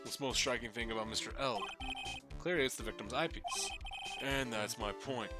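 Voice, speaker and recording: A man voicing a brooding, coffee-loving male prosecutor in a game, with a slow, dramatic drawl he tries to make deep. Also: loud music behind the voice, close to an everyday voice. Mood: smug.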